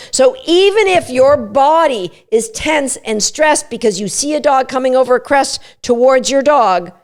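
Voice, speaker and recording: A woman giving an energetic podcast lesson on dog training, repeating each step plainly. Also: fairly high pitch. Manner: energetic, instructive, repeats steps.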